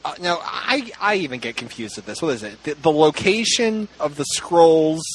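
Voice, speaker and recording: A man's voice: a little high, expressive, normal speed, slight background noise, low-quality recording. A man hosting a casual chat, rambling, laughing and acting out quoted lines. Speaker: podcast host.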